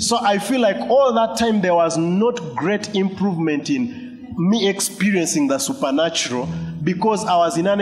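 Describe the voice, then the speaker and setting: A man's voice: medium pitch, a little mellow. A male pastor preaching a sermon, telling a personal story with quoted voices and asides, in a church hall.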